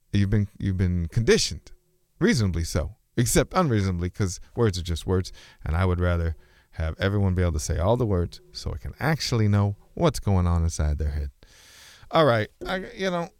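This is a casual philosophical monologue from a man whose voice is very low. He meanders and muses, interrupting himself to restart sentences and at times drifting between registers of speech, in a close, dry recording without room sound or echo.

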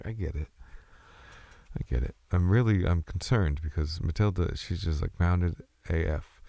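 A man's voice: low voice, creaky, mellow, no echo. A man doing a loose, silly comedic freestyle rap and casual chat, full of goofy wordplay. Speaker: comedic rapper.

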